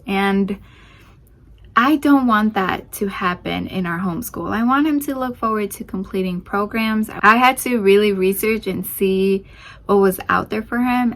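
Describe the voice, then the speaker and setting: A young woman who hosts a homeschooling channel, chatting casually through a curriculum review with lots of fillers and restarts, a little out of breath. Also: medium pitch. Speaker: homeschooling mom channel host.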